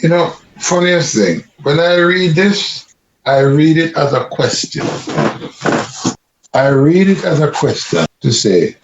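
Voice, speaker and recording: A man talks through a Bible passage in a casual group discussion, reflective and unhurried in how he lays out his view. His voice sits a little high. The sound is dull and lo-fi. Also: lively intonation, a little hiss or hum. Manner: reflective, explains his reading at length. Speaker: Bible study participant.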